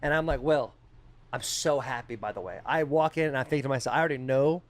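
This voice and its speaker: A man co-hosting a podcast, telling a story in casual, animated chat and swearing freely. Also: mid-range voice, quick pace. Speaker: podcast co-host.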